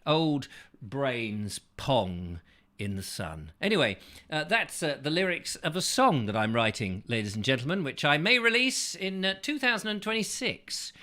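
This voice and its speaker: A man's voice: fairly high pitch, sing-song, moderate pace, pushed and bright. A man hosting a chat show, rambling through a whimsical, absurd comic monologue full of silly asides.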